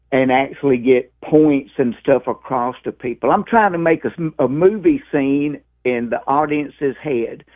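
A comedian from Mississippi in his sixties with a Southern accent, telling stories in a lively, folksy way during an interview. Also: mid-range voice. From Mississippi, USA. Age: 60s. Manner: lively storyteller, calls the host "man" and "dude". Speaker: stand-up comedian guest. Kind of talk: interview over the phone. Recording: tinny phone line.

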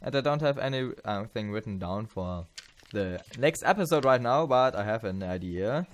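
Tired guy doing a let's play, lowish voice, stumbles and rambles a lot. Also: expressive. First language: German. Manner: rambling, halting, many fillers and self-corrections. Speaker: gameplay channel host.

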